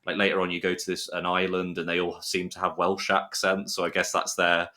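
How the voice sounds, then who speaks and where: A British man from the United Kingdom chats enthusiastically as a guest on a casual podcast, rambling a bit and restarting sentences. His voice is deep and monotone yet bright and forceful, and he talks briskly.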